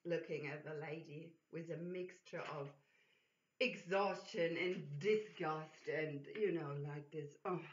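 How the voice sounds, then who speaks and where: Brief: woman reading a comedy script, slow, bright tone, lo-fi. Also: low voice. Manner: slow, musing with fillers. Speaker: reader. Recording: dull lo-fi recording.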